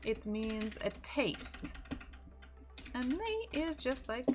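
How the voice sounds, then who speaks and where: A woman's voice: high voice, sing-song, takes it slowly, background noise. A woman with a Russian accent teaching an online language lesson, patiently repeating each word several times.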